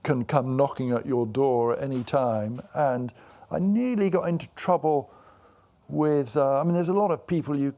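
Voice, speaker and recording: A man's voice: mid-range voice, moderate pace, mellow. A man in his sixties, an author and guest, telling rambling anecdotes with lots of fillers and restarts in a live onstage conversation. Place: event before a live audience.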